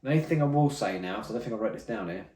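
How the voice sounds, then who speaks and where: A man's voice: lowish voice, animated, rapid-fire, warm tone. A man chatting casually through tasting notes as a whisky reviewer, rambling and correcting himself as he goes. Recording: roomy, mic at some distance.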